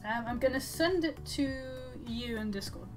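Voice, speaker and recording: A woman's voice: fairly high pitch, lively intonation, normal speed, over music. Giggly woman chatting over a call. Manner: giggly, laughs often, chatty. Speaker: co-host on the stream. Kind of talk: casual chat.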